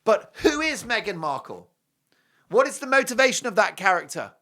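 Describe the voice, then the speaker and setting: A man's voice: high voice, sing-song, normal speed, bright, forceful tone. Sarcastic man hosting a TV show. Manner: sarcastic, mocking, emphatic. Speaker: TV show host. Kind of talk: opinionated TV commentary monologue.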